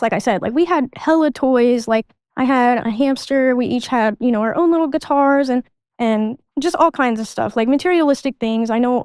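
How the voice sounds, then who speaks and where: A young adult woman, a podcast guest, recounting her life in a halting way, often restarting sentences and reenacting old conversations. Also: on the high side, darkish tone, clean tone, dry recording. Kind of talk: candid personal storytelling.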